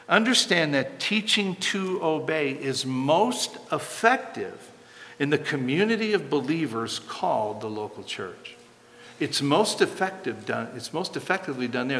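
Emphatic male pastor in a reverberant hall. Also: medium pitch. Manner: emphatic, rising to loud animated preaching. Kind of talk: sermon.

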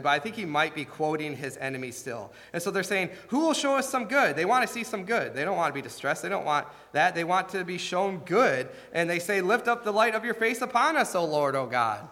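A man's voice: fairly high pitch, sharp tone. A man preaching a sermon with rising emphasis and many rhetorical questions. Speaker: pastor. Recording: long hall reverb.

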